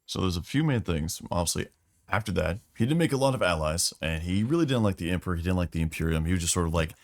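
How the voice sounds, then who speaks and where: A man with a very low, deep voice, running through lore in relaxed, slangy podcast chat. He talks it through loosely, as if to friends. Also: fast talker. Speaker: podcast co-host.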